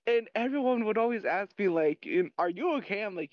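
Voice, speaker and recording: A teenage guy with a high voice chats casually and jokes in a deadpan, neutral way. His sound is dry and dull, recorded close with no room around it. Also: brisk, no echo. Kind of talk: casual chat.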